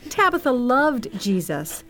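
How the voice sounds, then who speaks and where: A woman's voice: high voice, very animated, measured pace, fairly bright tone, pitched above the performer's own voice, exaggerated voice. A woman voicing a grieving widow who speaks tenderly in a raised voice. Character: grieving woman, fond of her friend.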